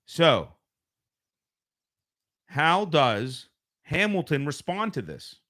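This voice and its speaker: An American man hosts a relaxed live stream from his home, talking through a home streaming microphone. His voice is fairly high and sing-song, very slow, pushed and bright. He rambles conversationally and keeps correcting himself.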